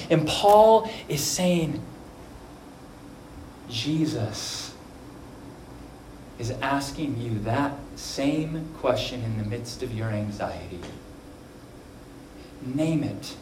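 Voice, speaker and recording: Brief: earnest male pastor, slow deliberate sermon, roomy echo with faint background noise. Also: mid-range voice, lively intonation. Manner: earnest, swings from soft to emphatic. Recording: echoey room.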